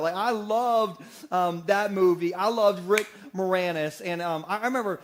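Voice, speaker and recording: A man in his forties preaching a sermon in a church, energetic and joking, often asking the congregation questions. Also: high voice, normal speed, hardly any pauses, slight background noise. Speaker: pastor. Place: church sanctuary.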